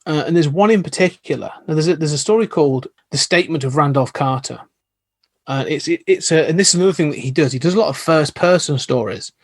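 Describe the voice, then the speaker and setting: A man with a slightly high voice chats as a podcast guest, enthusiastic and rambling as he tells a story. The sound is dry and close, with no room around it. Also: fast, dry recording. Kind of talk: casual chat.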